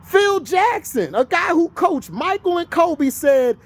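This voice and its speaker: A man's voice: very high-pitched, big pitch swings, slow. A man from Florida in the US, ranting heatedly about sports to his viewers, argumentative and scolding. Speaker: vlogger. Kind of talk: sports rant to camera.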